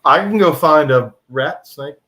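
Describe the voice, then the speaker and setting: A man's voice: on the high side, unhurried, pushed and bright. A man hosting a podcast in casual chat, blunt and joking, swearing often.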